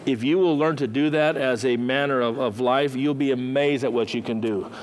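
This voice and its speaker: A man's voice: mid-range voice, steady tone, moderate pace, rough recording. A man preaching a sermon in a conversational storytelling way, acting out the characters as he goes.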